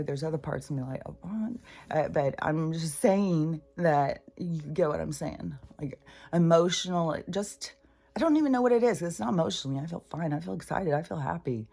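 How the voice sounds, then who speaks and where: A woman's voice: sits low, a little mellow. An older woman talking in a rambling, profane, casual monologue as a spiritual channeler.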